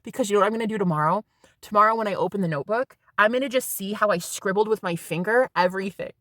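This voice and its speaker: A woman's voice: mid-range voice, rapid-fire, fairly bright tone, no echo, studio quality. A woman in her thirties telling a rambling, casual story to her vlog viewers and swearing freely. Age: 30s. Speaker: spiritual vlogger.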